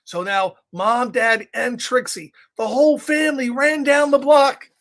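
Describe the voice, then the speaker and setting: A man reading a picture book aloud to young children, with animated, chatty asides to his listeners. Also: very high-pitched, measured pace. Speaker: storytime reader for children.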